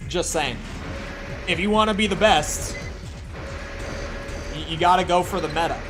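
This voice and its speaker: Minnesota guy streaming a game, kinda high voice, rambly with lots of likes, quiet music behind. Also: normal speed. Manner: rambling, filler-heavy, with frequent "like". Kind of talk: casual chat while playing.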